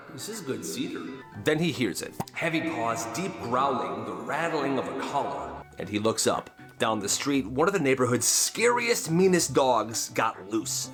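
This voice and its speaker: A man narrating comedic stories in an emphatic, lively storytelling manner with quick asides. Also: mid-range voice.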